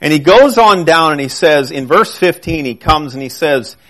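A man preaching a sermon who reads scripture aloud and then explains it, speeding up and slowing down for emphasis. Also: a little high, expressive, a bit bright.

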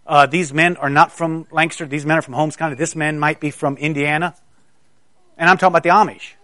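A man's voice: fairly high pitch, fairly even intonation, a little fast, pushed and bright, no echo. A middle-aged man from South Carolina preaching a sermon, with conversational storytelling and stammering restarts.

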